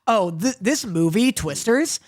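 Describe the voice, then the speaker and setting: A man's voice: sits high, expressive, unhurried. A young man co-hosting a podcast in casual chat, laid-back and agreeable, often slipping into mocking impressions. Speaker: podcast co-host.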